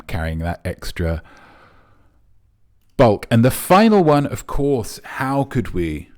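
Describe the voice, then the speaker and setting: A man's voice: low-pitched, a little mellow. A man hosting a comic live quiz in a pompous, rambling, mock-serious manner. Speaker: quiz host.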